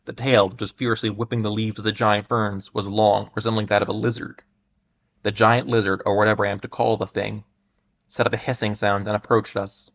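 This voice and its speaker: A man giving a dramatic reading of an old adventure story at a measured pace, sometimes stumbling and restarting words. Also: on the low side, level tone, gravelly, a bit bright. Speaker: reader. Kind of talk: dramatic reading of pulp fiction. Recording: muffled lo-fi recording.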